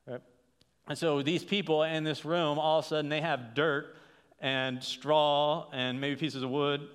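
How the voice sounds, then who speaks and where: A man's voice: medium pitch, fairly bright tone, smooth. A man preaching a sermon as a pastor, talking in a conversational way with frequent restarts and rhetorical "right?" checks. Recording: long hall reverb.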